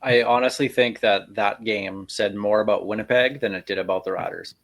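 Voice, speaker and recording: A low-voiced man leading a casual sports podcast. He moves the talk along at a measured pace and drops dry one-word interjections. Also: steady tone, fairly bright tone.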